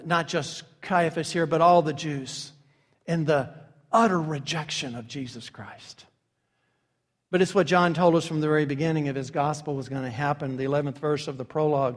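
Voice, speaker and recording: A man preaching a sermon as pastor, dramatic and emphatic, dropping to hushed asides and acting out quoted figures with sarcasm. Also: sits high. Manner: acts out quoted figures with sarcastic mock voices. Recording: long hall reverb.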